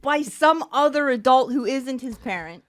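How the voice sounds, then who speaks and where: Woman telling an animated anecdote. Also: sits high, normal speed. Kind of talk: casual storytelling.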